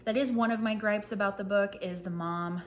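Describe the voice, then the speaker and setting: A woman in her thirties chatting casually about books she read, self-deprecating and quick to laugh at herself. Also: medium pitch, fairly even intonation, a little hiss or hum. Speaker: book reviewer. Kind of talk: casual book wrap-up chat.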